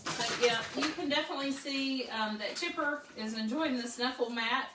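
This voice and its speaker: A woman's voice: high-pitched, moderate pace, far from the mic, background noise. A cheerful woman, chatting casually and laughing often. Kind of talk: casual chat. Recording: roomy sound, away from the mic.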